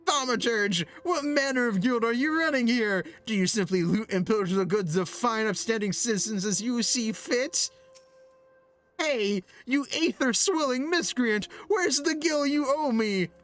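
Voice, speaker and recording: A man plays a ranting, greedy merchant from a game, all bluster and folksy "ye" and "lad". The voice sits high and gets loud, with faint music playing underneath. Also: normal speed. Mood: indignant. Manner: indignant, folksy "ye" and "lad" put on. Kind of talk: reading game quest dialogue aloud.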